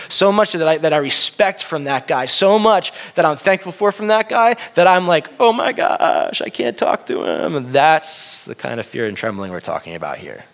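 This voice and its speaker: A man preaching a sermon in a conversational, animated way, asking the congregation questions. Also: medium pitch. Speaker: pastor. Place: room with a congregation.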